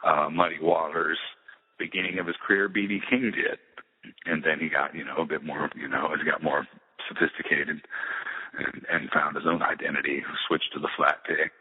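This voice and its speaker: A middle-aged musician talking in a casual interview, rambling with many restarts and fillers. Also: male voice, very deep voice, flat delivery, normal speed, husky. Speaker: musician guest. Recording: tinny phone-like roomy sound.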